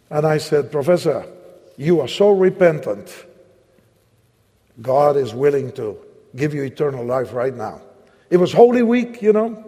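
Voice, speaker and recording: A man preaching with a Latin American accent, telling a personal story and then slowly leading the listeners in prayer, acting out both sides of the dialogue. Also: on the high side, dark tone, husky. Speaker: evangelist preacher. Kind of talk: sermon with personal story and altar-call prayer. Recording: long hall reverb.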